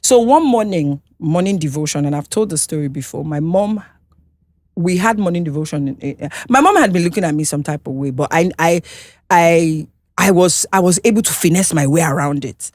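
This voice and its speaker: Speaking with a Nigerian English accent, a woman who sings shares her life story openly in an interview, often breaking off to restart and asking her listener "you understand?". Her voice is on the low side, expressive and a little mellow, recorded with no room sound.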